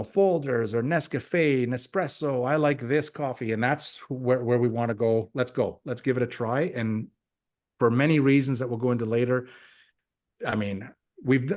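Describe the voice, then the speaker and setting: Energetic man giving a sales pep talk. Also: medium pitch. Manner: energetic, repetitive, acts out quoted dialogue. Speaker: guest speaker on a team call. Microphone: call audio.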